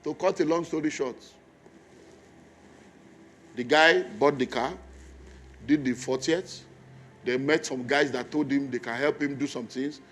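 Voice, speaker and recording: A man's voice: medium pitch, fairly even intonation, unhurried, long pauses, fairly bright tone, slight background noise. A man preaching a sermon in a church, telling stories and repeating key phrases for emphasis.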